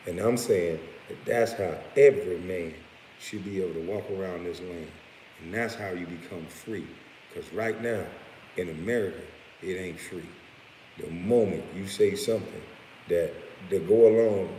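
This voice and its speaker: Deep-voiced man ranting bluntly. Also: dark tone. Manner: blunt and profane, with laughing asides. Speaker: vlogger. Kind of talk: profane rant vlog. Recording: roomy echo with faint hiss.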